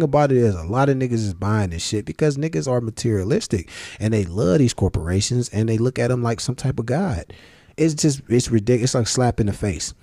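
A man giving a profane, sarcastic ranting commentary, often jumping into high-pitched outraged questions. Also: lively intonation, a little fast, mellow, dry recording. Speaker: vlogger.

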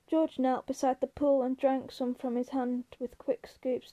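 A woman reading a novel aloud as narrator, steady and even, with the odd small slip. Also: sits high, unhurried, few pauses, muffled recording. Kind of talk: audiobook reading.

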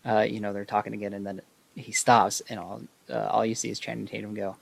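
A man with a low, gravelly voice chats through a movie recap in a loose, rambling way. He stacks up fillers and restarts as he goes. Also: flat delivery, quick pace, a bit bright, no room sound. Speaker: video host.

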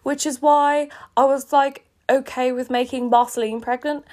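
A woman's voice: high-pitched, fairly even intonation, moderate pace, darkish tone. A woman in her twenties reading her old fan fiction aloud and commenting on it, laughing and mocking herself. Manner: giggly, self-mocking, cringing. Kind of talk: embarrassed read-aloud commentary. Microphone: earphone listeners, close mic.

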